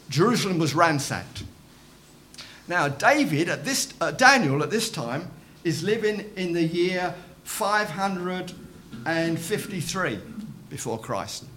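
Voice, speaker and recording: Guy preaching in church, pretty high voice, keeps repeating himself for emphasis. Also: fairly bright tone, a little hiss or hum. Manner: emphatic, repeats phrases, calls out amen. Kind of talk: sermon.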